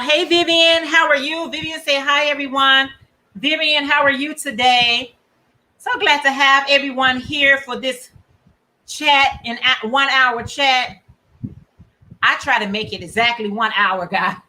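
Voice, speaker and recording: A woman hosting a crafting livestream, chatting casually and warmly reading out viewer comments. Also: high-pitched, low-quality recording. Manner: chatty, reads viewer comments aloud, encouraging. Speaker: crochet livestream host. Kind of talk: casual chat with live viewers.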